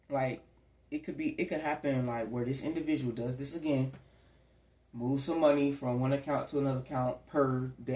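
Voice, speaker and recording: A tarot reader gives his audience a casual, rambling spiritual reading to camera, chatting conversationally and slipping into acted quotes. His mid-range voice has a warm tone, recorded in an echoey room.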